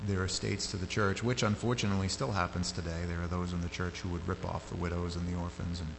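A man's voice: low voice, fast talker, vocal fry. Guy preaching, chatty sermon, echoey hall w/ faint hum behind. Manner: conversational, rises sharply when animated. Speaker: pastor.

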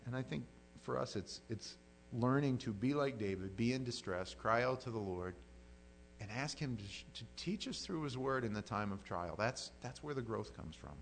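A man's voice: on the low side, gravelly, slight background noise, poor audio. A man preaching a sermon in a conversational way, repeating words as he builds emphasis. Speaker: pastor.

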